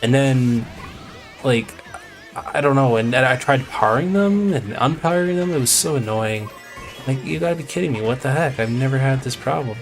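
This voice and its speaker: Soft background music accompanies a man of medium pitch speaking at normal speed as he streams a game. It's casual storytelling while gaming: long, rambling, and full of drawn-out retold conversations.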